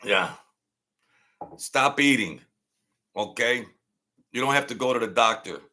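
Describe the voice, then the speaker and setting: This middle-aged channel host speaks slowly with a mid-range voice and lively intonation, commenting on his livestream chat. He's blunt and mocking, going over the same points and ranting loudly, then laughing.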